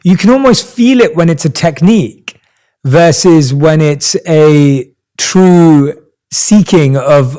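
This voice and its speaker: A man's voice: fairly high pitch, a little mellow. A man hosting an interview, asking questions in an enthusiastic, reflective way. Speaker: interview host. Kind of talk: conversational interview.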